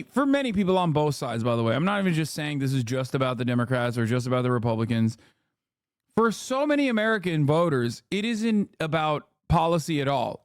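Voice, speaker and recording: A man's voice: on the high side, no echo, studio quality. A man streaming live, reacting to clips with profane, sarcastic ranting commentary. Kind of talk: casual livestream commentary.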